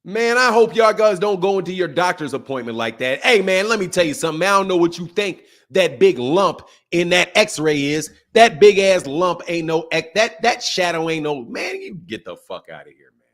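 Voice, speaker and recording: A middle-aged man hosting a boxing channel, ranting and mocking his critics with heavy profanity, swinging between loud and soft. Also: high-pitched, expressive, moderate pace, hardly any pauses. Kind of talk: ranting commentary.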